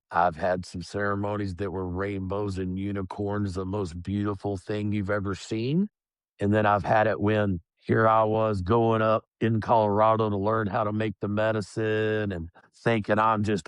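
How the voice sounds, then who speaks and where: A man speaking as a podcast guest, telling his own story in a plain, calm and reflective way. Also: fairly low pitch, moderate pace, no room sound, clean studio sound. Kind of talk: candid personal storytelling.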